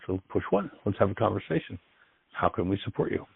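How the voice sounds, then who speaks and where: Low raspy guy hosting call-in radio, earnest and encouraging, sounds like a thin phone line. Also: big pitch swings, fast talker. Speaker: radio call-in show host. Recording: dry, tinny phone-like line.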